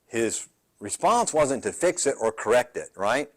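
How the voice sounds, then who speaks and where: A man's voice: mid-range voice, very animated, unhurried. A man pastor teaching a midweek Bible study in a conversational way. He often checks in with "right?" and repeats words as he goes. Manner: conversational, asks the group questions like "right?".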